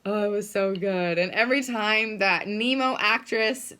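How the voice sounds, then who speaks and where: A woman's voice: mid-range voice, unhurried, sharp tone, clean tone. A young woman chatting casually in a vlog, gushing and emotional, with many fillers. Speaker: vlogger. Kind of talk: casual chat.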